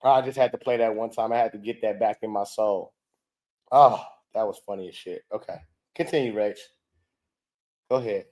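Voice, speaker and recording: Male reaction host, rants and heckles, swears freely, breaks into shouts. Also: fairly low pitch, normal speed, long pauses. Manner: profane, heckling, loud outbursts. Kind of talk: ranting reaction commentary.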